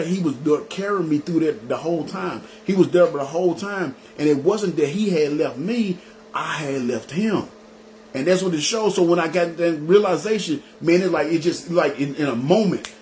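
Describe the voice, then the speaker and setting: A man's voice: on the high side, a little mellow, low-quality recording. Guy telling his testimony, emphatic, keeps saying you know what i'm saying, a bit of hiss behind. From Memphis. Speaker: guest giving a testimony. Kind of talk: personal testimony.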